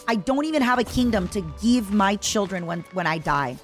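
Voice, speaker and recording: A woman's voice: medium pitch, animated, a little fast, hardly any pauses, soft background music. A woman VTuber streaming a strategy game, chatting casually and playfully pleading with the game as she plays. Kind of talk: casual live gameplay commentary.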